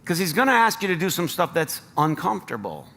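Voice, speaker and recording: A man's voice: on the high side, sing-song, brisk, creaky, pushed and bright, in a large hall. An American man preaching a sermon as pastor, earnest and rising to emphatic appeals. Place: church sanctuary.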